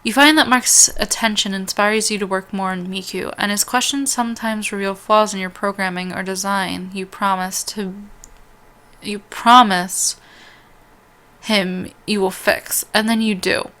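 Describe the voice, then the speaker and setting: Bright-voiced woman reading a story game aloud. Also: mid-range voice, fairly even intonation. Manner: reads aloud with stumbles, restarts and quick asides. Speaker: let's-play host.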